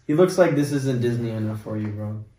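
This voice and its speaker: A young host ribs his guests with dry, deadpan jokes. His voice is mellow and warm. He sits back from the mic in an echoey room. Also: medium pitch, brisk, distant mic. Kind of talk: casual chat.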